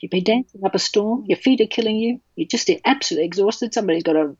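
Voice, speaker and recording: A woman's voice: medium pitch, quick pace, darkish tone, husky, dry recording, highs cut off. A woman, speaking passionately and bluntly as a childbirth educator in an interview. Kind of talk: podcast interview.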